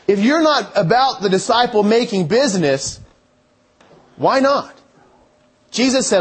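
A man's voice: high-pitched, expressive, moderate pace, husky. A man preaching a sermon in a conversational way, thinking aloud and restarting his phrases.

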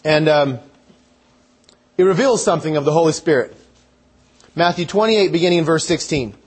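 Husky high-voiced preacher. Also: male voice, animated, normal speed. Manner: conversational, thinking aloud, restarting phrases. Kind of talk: sermon.

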